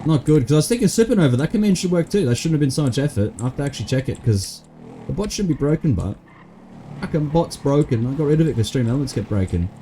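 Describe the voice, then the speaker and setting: A man's voice: fairly high pitch, expressive, quick pace, warm tone, a little hiss or hum. An Australian man streaming, talking to chat out of character and thinking aloud about fixes.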